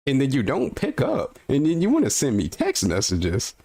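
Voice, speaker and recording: A man's voice: mid-range voice, huge pitch swings, normal speed, vocal fry, warm tone, slightly rough. Incredulous man ranting on a stream. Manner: incredulous, ranting, swears freely. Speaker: streamer reacting to a video. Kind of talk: casual reaction commentary.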